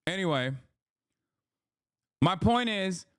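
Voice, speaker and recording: A man's voice: high voice, slow pace, smooth, no room sound, studio quality. Profane, rambling man on stream. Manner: rambling, profane, animated storytelling. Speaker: livestream host. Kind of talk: casual chat.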